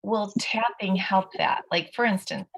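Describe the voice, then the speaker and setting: A woman's voice: medium pitch, steady tone, unhurried, creaky, heavy background noise. A woman taking part in a class, hesitantly asking the teacher a question. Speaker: class participant.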